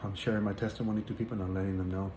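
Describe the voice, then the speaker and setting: A man sharing a personal religious testimony in casual spoken storytelling, earnest and halting, with many fillers and repeated words. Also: on the low side, level tone, mellow. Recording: echoey room with faint background noise.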